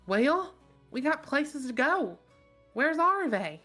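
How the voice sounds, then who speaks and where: Woman putting on a high, folksy feisty adventurer. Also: very animated, slow, bright, forceful tone, soft background music, full character voice. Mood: flustered. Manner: folksy, indignant, flustered.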